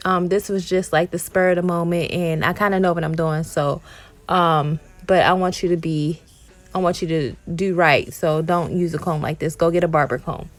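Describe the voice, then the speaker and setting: A mother and hair vlogger narrates a home haircut in a casual, explanatory voice-over full of ums and likes. Her voice is on the low side, steady in tone, at a moderate pace.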